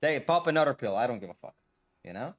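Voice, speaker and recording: Lively, profane man ranting on stream. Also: medium pitch, quick pace. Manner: blunt, profane, filler-heavy with "like" and "bro". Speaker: gaming streamer. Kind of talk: casual ranting stream talk.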